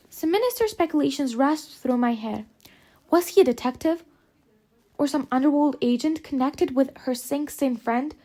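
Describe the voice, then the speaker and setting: A woman reading an audiobook aloud, narrating in measured, phrase-by-phrase delivery. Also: high-pitched, darkish tone. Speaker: audiobook reader. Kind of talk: scripted narration.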